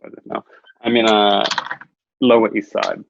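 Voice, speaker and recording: A man's voice: lowish voice, little pitch movement, a little slow, creaky, highs cut off, background noise. A man chatting casually as a guest over a video call, rambling through stories and laughing at his own anecdotes. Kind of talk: casual chat.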